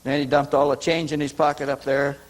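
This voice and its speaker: Guy telling a long story at a conference, kinda high voice, keeps restarting his sentences. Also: little pitch movement, a little fast, rough recording. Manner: rambling, with frequent restarts and repeated words. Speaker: conference speaker. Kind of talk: anecdotal storytelling. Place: conference hall.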